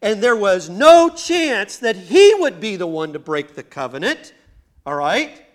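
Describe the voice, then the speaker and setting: A man's voice: high voice, big pitch swings, unhurried. A male pastor preaching a sermon in a church, building to emphatic bursts and speaking straight to the congregation. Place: church sanctuary.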